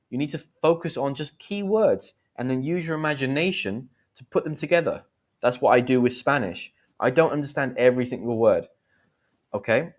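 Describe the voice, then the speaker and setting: A chatty man with a mid-range voice teaches English online through a livestream. He's encouraging throughout and reads out comments as they come in.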